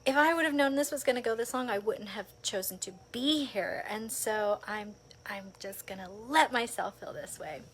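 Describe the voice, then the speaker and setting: A woman casually recounting a personal experience, lively and animated, often saying "like" and laughing between thoughts. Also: on the high side, normal speed, few pauses, a little hiss or hum. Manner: animated storytelling with frequent laughs, filler "like". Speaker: vlogger.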